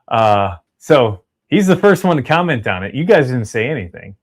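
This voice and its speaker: A man hosting a casual livestream, chatty and upbeat as he reads out viewer donations and shout-outs. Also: medium pitch, sing-song, normal speed. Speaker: livestream host reading super chats.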